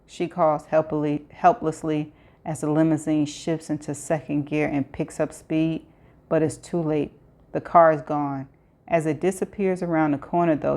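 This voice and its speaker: A woman reading a novel aloud in a steady way, with small restarts. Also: low voice. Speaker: audiobook reader.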